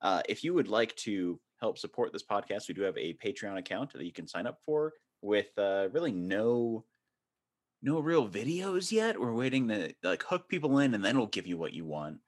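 Low-voiced guy hosting a podcast, rambly and laughing a bunch. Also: lively intonation, a little fast, hardly any pauses. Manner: laughs often, rambling with fillers. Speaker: podcast host. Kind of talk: casual podcast chat.

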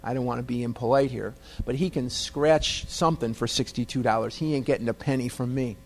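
A man's voice: medium pitch, brisk, a little mellow. A man telling a humorous, self-deprecating personal story to a meeting audience. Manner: self-deprecating, wry, conversational. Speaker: speaker at a recovery meeting.

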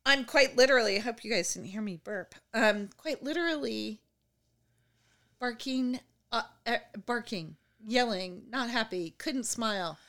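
A woman's voice: a little high, animated, measured pace, fairly bright tone. A woman co-hosting a podcast in casual chat, talking in a reflective, agreeable way. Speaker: podcast co-host.

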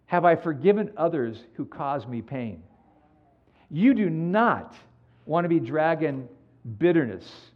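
A man preaching a sermon as pastor, animated and acting out the people in his stories. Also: medium pitch, dull audio. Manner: animated storytelling, acts out quoted dialogue.

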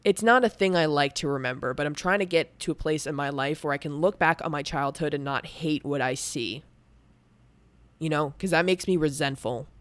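Her voice sits low and moves at a normal speed, recorded with no room sound. She's a young podcast host in candid personal talk about her feelings, rambling on with frequent restarts and filler words.

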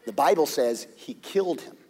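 A middle-aged man preaching a sermon as pastor, telling the story dramatically with shouts and hushed whispers. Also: a little high, expressive, moderate pace, in a large hall, background noise.

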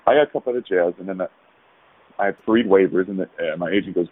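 A man, a former pro basketball player, telling rambling, animated stories as a podcast guest over a call. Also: deep voice, quick pace, breathy edge, no echo. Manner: rambling, animated, with frequent restarts. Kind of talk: casual storytelling. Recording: tinny phone-like dry sound.

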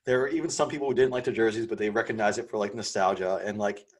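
A man's voice: on the low side, fairly even intonation, quick pace. A man ranting about sports in profane, worked-up casual chat as a podcast host. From Philadelphia.

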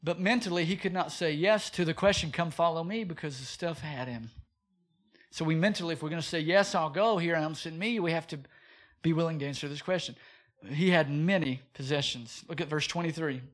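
A pastor delivers a sermon in a fairly high voice, rising and falling as he drives his points home. He asks rhetorical questions and breaks into acted quotes along the way. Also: fairly quick, fairly bright tone.

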